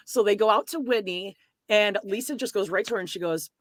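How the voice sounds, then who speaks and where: A woman's voice: mid-range voice, a little fast, dry recording. A woman co-hosting a casual recap podcast, blunt and swearing freely, who acts out the people she talks about in big exaggerated voices. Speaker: podcast co-host.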